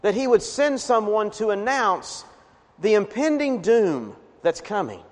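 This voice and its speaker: A pastor delivers a sermon, earnest and pressing hard on key words. His voice sits on the high side for a man. The sound carries a long reverberant tail, as in a church sanctuary. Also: sing-song, unhurried. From Appalachian region of the US. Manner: earnest preaching, emphatic swells on key words. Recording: reverberant hall.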